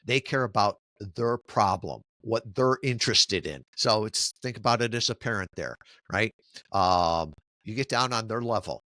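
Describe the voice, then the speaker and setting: A middle-aged man answering interview questions in a lively, storytelling way, often checking in with "right?". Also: on the low side, moderate pace, no echo, clean studio sound. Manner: animated storyteller who keeps asking "right?". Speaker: podcast guest, marketing company founder.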